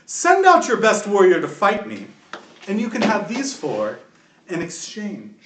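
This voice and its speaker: A man's voice: wildly swooping pitch, unhurried, a bit bright, full character voice. A man voicing a towering, cruel male half-dragon warlord who taunts his foes, recorded in an echoey room from a distant mic with faint noise. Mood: taunting. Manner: booming, taunting, theatrical.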